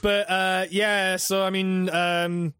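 A young man chats casually as a podcast co-host, his voice sitting high. He rambles, swears freely and laughs often, and the sound is dry with no room in it. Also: little pitch movement, takes it slowly, bright, forceful tone, clear, resonant tone, no echo. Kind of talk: casual chat.

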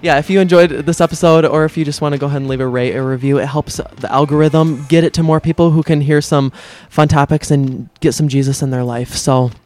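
A man's voice: on the high side, fairly even intonation, a little fast, few pauses, darkish tone. A young man hosting a casual podcast, wrapping up with an upbeat, laughing sign-off. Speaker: podcast host.

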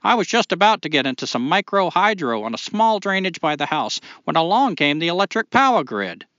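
A man's voice: on the high side, very animated, fairly quick, a bit bright, dry recording, highs cut off, voice pushed up. A man putting on a Maine accent. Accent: Maine, put on. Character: man reading a letter in a put-on Maine accent.

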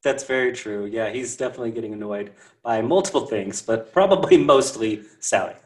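A man's voice: on the low side, a little mellow. Laughing man chiming in on a podcast. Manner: laughs a lot, chimes in with quick jokes. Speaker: podcast co-host. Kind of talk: casual movie chat.

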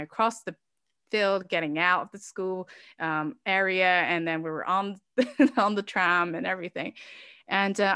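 A woman's voice: lowish voice, a bit bright, clear, resonant tone, no echo, clean studio sound. A woman, an immigrant mother living in Norway, telling a personal story as an interview guest, emotional and laughing at times, with many fillers.

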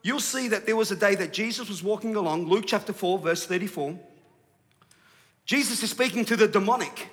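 A male pastor preaching a sermon, animated and rising to shouts for emphasis. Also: sits high, brisk, big-room sound.

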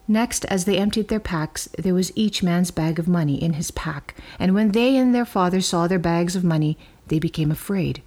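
A woman reading scripture aloud in a measured, clear storytelling manner. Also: lowish voice, a little mellow. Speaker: reader.

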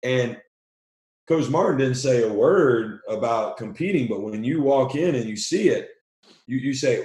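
A man who coaches basketball talks with lots of drive, tumbling over his words and restarting sentences as his energy runs ahead of him. His voice sits in a middle range and carries a noticeable echo from the room around him. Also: mid-range voice. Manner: energetic, talks fast and excitedly, repeats words. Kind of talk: podcast conversation.

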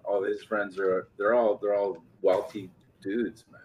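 A man from Canada co-hosting a podcast, earnest and soft-spoken in casual banter. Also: fairly low pitch, little pitch movement, a little slow, lo-fi sound, a crowd in the background. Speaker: podcast co-host.

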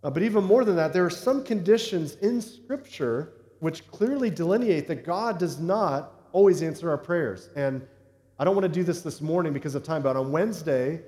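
Preacher with a fairly high voice in an echoing church. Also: male voice, lively intonation, normal speed, mellow. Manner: conversational preaching with frequent check-ins to the congregation. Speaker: pastor. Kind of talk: sermon. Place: church sanctuary. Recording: echoey hall reverb.

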